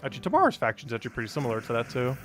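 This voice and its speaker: A man's voice: mid-range voice, huge pitch swings, rapid-fire, over music. A man streaming a game live, chatting casually, reading and greeting chat, and laughing often.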